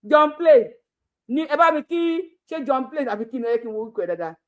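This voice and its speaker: A woman's voice: high-pitched, big pitch swings, racing. A Nigerian woman hosting her own channel, talking casually and laughing a lot, switching between Yoruba and pidgin English. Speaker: YouTube channel host. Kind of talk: casual live commentary.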